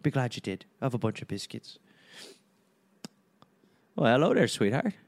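A man's voice: mid-range voice, big pitch swings, normal speed, voice pushed down. A man doing a brash, swaggering counterfeiter. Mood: boastful. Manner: brash, generous show-off, tough-guy talk. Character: boastful flashy male counterfeiter, swaggering.

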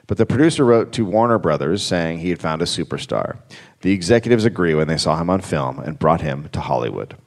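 A man's voice: deep voice, lively intonation, fairly quick. A man hosting a live comedy podcast, telling a story in a dry, wry way with crude asides. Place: live show on stage.

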